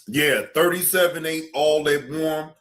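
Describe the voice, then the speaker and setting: A man with a high, bright voice hosts a casual livestream, speaking slowly and addressing his viewers head-on in a blunt, combative way. The recording carries a noticeable roomy echo. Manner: talks straight to chat, blunt and combative. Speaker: streamer reacting to clips.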